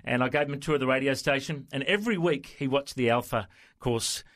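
A man hosting a casual radio chat and telling stories with lively energy. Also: medium pitch, brisk. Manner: chatty storyteller, acts out voices in anecdotes. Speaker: radio host.

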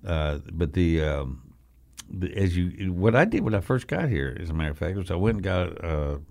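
Deep-voiced older man hosting radio talk. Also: animated, moderate pace, vocal fry, a little mellow. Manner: folksy storyteller, jokey asides. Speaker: radio talk show host. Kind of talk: casual studio chat. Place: radio studio.

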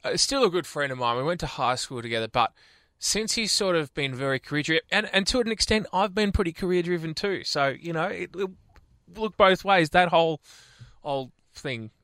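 A young man co-hosts a radio show in a fairly high voice, wandering through stories and restarting his sentences. The studio sound is dry and close. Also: lively intonation, brisk, bright, forceful tone, no echo. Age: 20s. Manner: rambling, reminiscing, with frequent restarts. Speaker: radio co-host. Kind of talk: casual radio banter.

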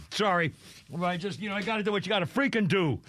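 A man's voice: high voice, expressive, brisk, fairly bright tone, no echo. A man hosting a talk radio show, ranting in anger with mild swearing, often breaking off and starting over. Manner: angry, swearing, trailing off and restarting. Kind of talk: heated talk radio rant.

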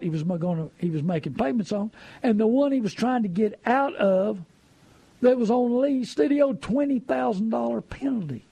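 A man's voice: high voice, creaky, dark tone, husky, dry recording. A man giving folksy, preachy money advice, full of rhetorical questions. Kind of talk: casual advice talk.

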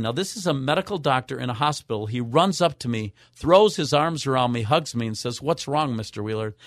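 A man's voice: medium pitch, no room sound. An older man shares a moving personal story as a radio guest. He is earnest and slips into the voices of the people he quotes. The sound is dry and close, with no room around it. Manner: earnest, acts out quoted voices with wide swings.

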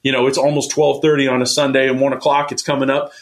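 A man's voice: medium pitch, little pitch movement, quick pace. Guy hosting a radio money show, all fired up, keeps hammering the phone number, voice sits right in the middle for a man. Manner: passionate, pushy, repeats phone number. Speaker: radio show host and financial advisor. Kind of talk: energetic sales talk on radio.

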